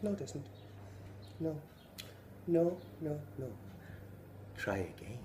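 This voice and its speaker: A man's voice: a little high, big pitch swings, slow pace, mellow, a little hiss or hum, pitched above the performer's own voice. A man playing a stern, cold schoolteacher. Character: prejudiced female Irish schoolteacher, stern and sarcastic.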